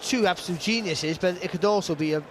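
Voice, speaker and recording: Brief: male boxing analyst, high-pitched, rambling fillers, noisy venue. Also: fast talker. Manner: chatty, filler-heavy, restarts often. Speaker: boxing pundit. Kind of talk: expert fight analysis. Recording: commentary mix with loud arena noise.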